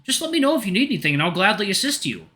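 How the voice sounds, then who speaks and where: A man doing a high, polite sun bear. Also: sing-song, very fast, pushed and bright, heavily acted. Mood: friendly. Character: gentle male sun bear tailor, eager to help.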